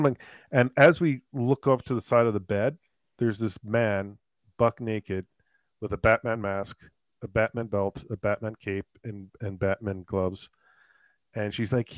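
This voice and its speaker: A man, a paramedic, telling a long call story in a casual, animated way, with many fillers. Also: on the low side, measured pace, dry recording. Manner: animated, laughing anecdotes with filler words. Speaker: paramedic guest.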